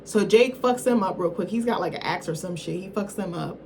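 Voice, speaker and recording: A woman's voice: lowish voice, fairly quick, darkish tone, a little hiss or hum. A woman reviewer giving a casual film recap in a rambling, slangy, profane way, often correcting herself mid-thought.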